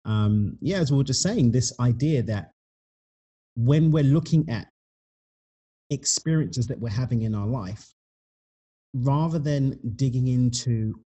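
A man, a guest author, talking in a thoughtful, unhurried way about spiritual ideas, sometimes searching for his words. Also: medium pitch, warm tone, breathy edge. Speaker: podcast guest, author and speaker. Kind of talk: reflective spiritual conversation.

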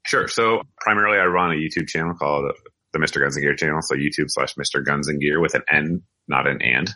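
A man with a very low, deep voice that still sounds forceful and bright. He talks casually as a guest on an interview podcast, circling back and correcting himself as he goes. He is middle-aged and from the United States. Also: fast talker. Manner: rambling, self-correcting storyteller. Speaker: podcast guest, firearms video reviewer.

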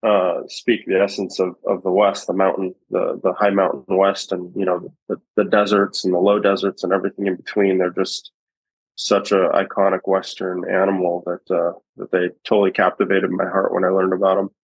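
A man's voice: low voice, monotone, moderate pace, breathy edge, no room sound, poor audio. A man talking as a podcast guest, reflective and rambling, with many fillers and restarts. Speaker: guest, bowhunter. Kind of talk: casual podcast conversation.

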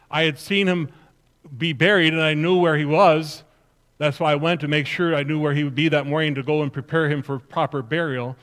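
A pastor playing Mary Magdalene, earnest. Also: male voice, a little high, a bit bright, clean tone, lightly acted. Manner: earnest, emphatic storytelling addressed to the congregation. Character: grieving then joyful woman disciple, earnest. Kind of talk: first-person dramatic sermon monologue.

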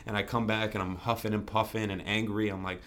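Brief young man, low-pitched, earnest podcast guest, candid storytelling. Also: flat delivery, fast talker, a bit bright. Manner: earnest, restarts often, fillers like "you know".

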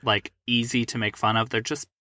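A man's voice: mid-range voice, little pitch movement, a little fast, bright, forceful tone, dry recording, clean studio sound. A man co-hosting a podcast, chatting casually and dropping wry asides. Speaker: podcast co-host. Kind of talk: casual chat.

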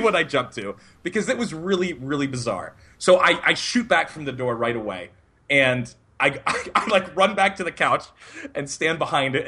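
A young man on a podcast telling a long story in a casual, animated way, often laughing as he talks. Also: mid-range voice, slightly rough. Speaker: podcast co-host.

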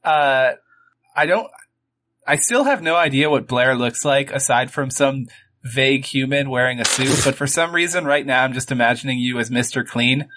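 Bright-voiced punning man, faint noise. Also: mid-range voice, normal speed. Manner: punning, teasing. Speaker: player. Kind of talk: casual tabletop game chat.

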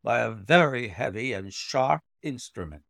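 A man voicing a middle-aged Victorian doctor, brisk and measured in speech. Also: mid-range voice, expressive, gravelly, fairly bright tone, dry recording, clean studio sound. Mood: concerned.

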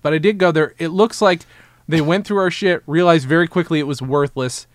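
A man's voice: on the high side, fairly quick, no echo, studio quality. A man co-hosting a comedy podcast, chatting casually in a rambling, self-mocking way. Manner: rambling, self-mocking, playful put-on voices. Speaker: podcast co-host.

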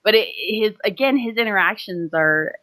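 A woman co-hosts a casual film discussion and describes favorite moments in eager bursts of detail. Her voice is mid-pitched and animated in manner. She laughs readily between points. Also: moderate pace. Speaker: podcast co-host.

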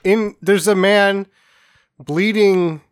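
A man's voice: high-pitched, fairly even intonation, drawn-out words, clear, resonant tone, no room sound. Wry man, dry close sound. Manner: dry, wry remarks with swearing. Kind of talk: casual movie chat.

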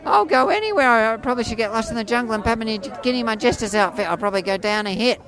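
A man in his forties with an Australian accent and a high voice often mistaken for a woman's, rambling through stories in an animated, playful way. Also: rapid-fire. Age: 40s. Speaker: street performer jester. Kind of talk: casual storytelling interview. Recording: faint crowd outdoors.

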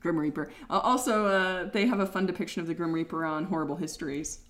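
A woman with a low voice chats casually beside a fellow teacher. She teases him and laughs easily as they talk. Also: fast talker, a bit bright, a little hiss or hum. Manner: laughing, teasing interjections. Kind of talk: casual classroom chat.

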